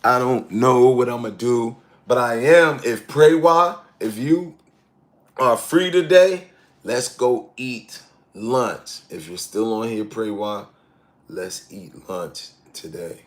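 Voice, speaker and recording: A man's voice: mid-range voice, takes it slowly. A man in his sixties casually chatting on a live stream, reading viewer comments aloud and laughing often. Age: 60s. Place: outdoors in hot weather in Thailand.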